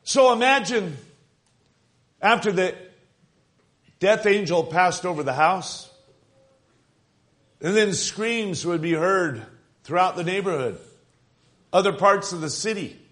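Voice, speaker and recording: Male preacher, high-pitched, deliberate sermon delivery, repeats for emphasis. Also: lively intonation, fairly bright tone. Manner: emphatic, addresses congregation as friends, repeats words.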